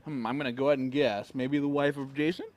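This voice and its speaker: A man's voice: medium pitch, fairly even intonation, fast talker, a little mellow. A man doing casual live darts commentary, joking and chatting with a young player. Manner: playful, teasing banter with a young guest.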